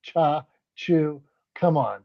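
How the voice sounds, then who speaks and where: A man with a regional American accent hosting a casual podcast chat, playful and excitable, often restarting his sentences. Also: a little high, drawn-out words, vocal fry, no room sound. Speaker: host. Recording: slightly dull lo-fi sound.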